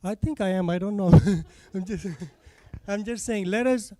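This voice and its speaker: A man's voice: sits high, moderate pace, mellow. A man with a foreign accent giving an impassioned public comment at a town hall meeting, earnest and repeating his phrases. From not from this state.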